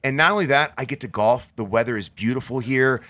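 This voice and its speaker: An excitable male guest telling his stories at a quick clip. His voice is bright and forceful, and he throws himself into each anecdote. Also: mid-range voice, no room sound. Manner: excitable, animated storyteller. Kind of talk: casual interview chat.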